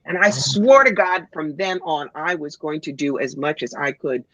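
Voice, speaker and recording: A woman guest author chatting casually on a livestream, an animated storyteller who quotes and acts out others. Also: low voice, moderate pace, no echo, dull audio.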